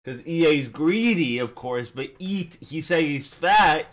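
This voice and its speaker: Excitable man reacting to a rap battle. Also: on the high side, takes it slowly. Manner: excitable, swearing, hyping up lines. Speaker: reaction video host. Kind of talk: casual reaction commentary.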